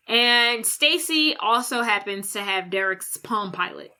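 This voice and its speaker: A woman co-hosting a podcast, recapping a film plot in a lively, casual way, acting out characters' lines and swearing freely. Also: a little high, unhurried. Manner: animated retelling with quoted voices and swearing. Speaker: podcast co-host.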